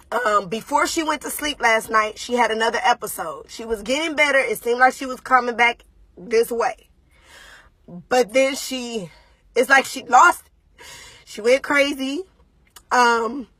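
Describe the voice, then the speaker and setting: Woman, shaken mother addressing livestream viewers, higher voice, dry close mic. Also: a bit bright, dry recording. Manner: shaken, pausing often with ums. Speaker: mother giving a livestream update. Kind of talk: casual live video talk to viewers.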